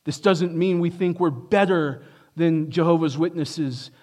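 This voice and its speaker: A male pastor preaching a sermon, emphatic, rising to stress key points and dropping low and quiet for asides. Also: unhurried.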